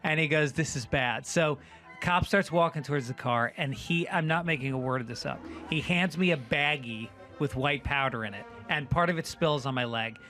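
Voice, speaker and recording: Bright, animated middle-aged comic storyteller. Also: male voice, fairly high pitch, moderate pace, soft background music. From New York. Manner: animated, acts out the other people in the story. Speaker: comedian guest.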